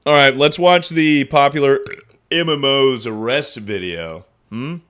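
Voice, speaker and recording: A young man streaming, chatting casually and profanely about his injury, mocking himself with sudden loud outbursts. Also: medium pitch, measured pace, smooth. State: injured, in pain. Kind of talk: casual livestream chat.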